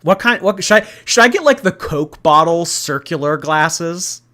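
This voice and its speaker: Chatty, animated male streamer. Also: fairly high pitch, moderate pace. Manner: animated and gossipy, laughing often. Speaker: livestream host reading viewer chat. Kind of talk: casual livestream chat.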